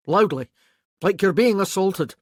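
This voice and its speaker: A narrator voicing a hardened Highland warrior man who gives curt, forceful orders. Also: unhurried, no room sound, studio quality. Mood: commanding. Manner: curt, commanding.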